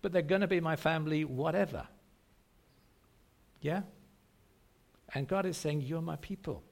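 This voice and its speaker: A man's voice: on the high side, measured pace, creaky. A man preaching a sermon to a congregation, emphatic and repetitive, often asking rhetorical questions. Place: church service.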